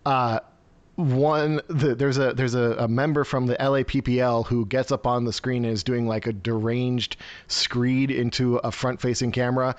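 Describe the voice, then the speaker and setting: A man's voice: mid-range voice, flat delivery, moderate pace. Rambling sarcastic male stream host. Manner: rambling, sarcastic, many fillers and restarts. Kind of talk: casual news commentary. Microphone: video call.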